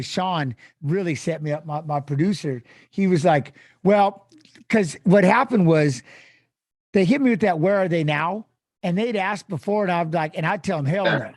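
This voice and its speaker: A man guesting on an interview show, telling an emotional story in an animated way, acting out quoted voices and swearing casually. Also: a little high, no echo, studio quality.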